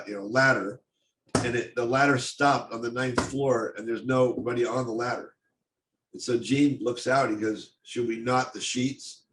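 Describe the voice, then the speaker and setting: An older man giving a personal storytelling talk on stage, speaking in a halting, intense way with many restarts. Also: mid-range voice. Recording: echoey room, faint noise.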